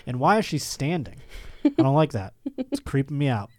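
A man's voice: mid-range voice, huge pitch swings, normal speed, dry recording. A man hosting a casual comedic podcast, riffing with profanity and playful mock voices. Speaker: podcast host.

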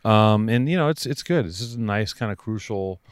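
Male co-host, rapid teasing banter, outdoors on a hike. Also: lowish voice, dry recording, studio quality. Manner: teasing, deadpan joking. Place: outdoor hiking trail.

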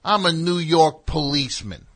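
A man acting out a belligerent bald man who claims to be a police officer, shouting in a bullying way. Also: fairly high pitch, normal speed, voice pushed up. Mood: angry.

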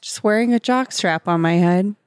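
A woman's voice: medium pitch, moderate pace, clear, resonant tone, no room sound. A woman in casual chat watching a show, reacting with groans and disgust.

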